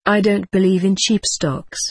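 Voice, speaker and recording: A woman's voice: mid-range voice, steady tone, normal speed, breathy edge, dry recording, clean studio sound. A woman reading as a guarded dead man's spirit. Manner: guarded, brusque. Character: evasive male spirit of a dead stock seller.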